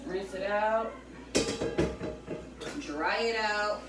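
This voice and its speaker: Mom vlogging in an echoey kitchen. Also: female voice, medium pitch, drawn-out words. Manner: casual, talks to viewers as "y'all" while correcting her child. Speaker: vlogger cooking with her daughter. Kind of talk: casual home cooking vlog chat. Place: home kitchen. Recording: echoey room with clear noise.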